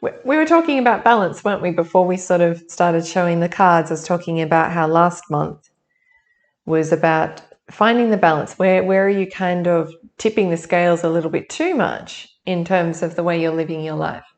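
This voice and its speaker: A woman's voice: lowish voice, moderate pace. A woman giving a casual monthly tarot reading, chatty and thinking aloud with many restarts. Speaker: tarot reader.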